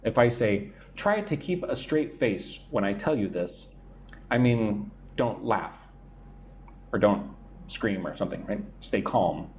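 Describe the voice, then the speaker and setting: Male english teacher on a live stream, slow and unhurried delivery, animated pitch, light background hiss. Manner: explains idioms and reads out chat comments, repeating "right?". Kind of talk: live-stream idiom lesson.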